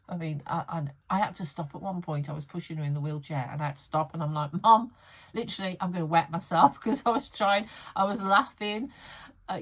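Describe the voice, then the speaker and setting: A middle-aged woman who makes art vlogs chats casually in her home art studio, rambling and laughing often as she goes. Her voice is lowish and slightly rough, and the recording itself is rough.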